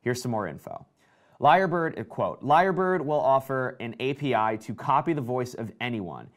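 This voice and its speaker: A man hosting a casual live tech show, talking excitedly and reading out viewer comments. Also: mid-range voice, moderate pace.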